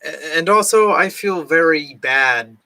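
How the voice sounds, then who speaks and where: A man's voice: fairly high pitch, lively intonation, measured pace, vocal fry, sharp tone. Rambling vlogger man with a worn voice. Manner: rambling, filler-heavy with frequent "like". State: recovering from lost voice, can't reach high notes. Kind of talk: casual chat. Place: home, cat nearby.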